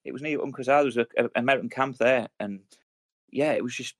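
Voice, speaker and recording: With a mid-range voice and no echo, a UK man in his thirties co-hosting a podcast chats casually. He tells quick, meandering stories laced with swearing and heavy military slang.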